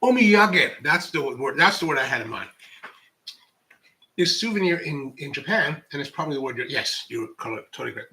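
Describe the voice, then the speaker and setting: A man hosts a relaxed livestream, reading viewer comments aloud and riffing on them. He rambles and restarts often, in a fairly high, very bright voice. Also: slight background noise. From United States. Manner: rambling, many restarts, animated asides. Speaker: coffee channel host.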